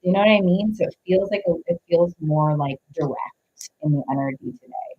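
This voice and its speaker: A woman's voice: lowish voice, brisk, dull audio, slight background noise. A woman giving a live-streamed tarot reading, rambling with heavy use of "like" and greeting viewers between thoughts. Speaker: tarot reader.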